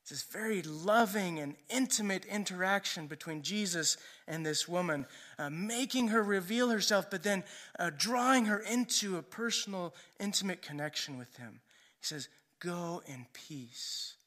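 A man's voice: high voice, lively intonation, moderate pace, a bit bright. A male preacher giving a sermon in a conversational storytelling way, often checking in with "right?".

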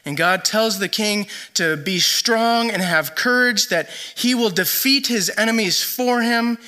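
Male pastor, sermon, high voice, conversational, animated quotes. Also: measured pace.

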